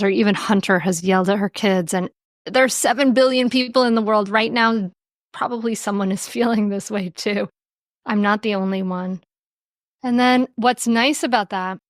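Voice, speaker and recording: A woman speaking as a podcast guest on parenting and mindfulness, gentle and reflective, often laughing lightly as she explains. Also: mid-range voice, no echo, clean studio sound. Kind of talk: podcast interview.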